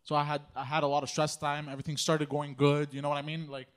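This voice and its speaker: A man's voice: a little high, flat delivery, fast talker. A man co-hosting a podcast in casual chat, hesitant and full of fillers. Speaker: podcast co-host.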